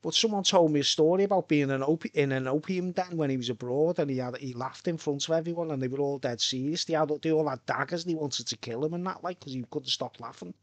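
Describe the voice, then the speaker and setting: A man's voice: fairly high pitch, fast talker, few pauses, dry recording. A middle-aged man, chatting loosely and swearing on a live stream from home. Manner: swearing, rambling, chatty, laughs a lot. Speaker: livestreamer. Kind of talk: rambling casual live-stream chat.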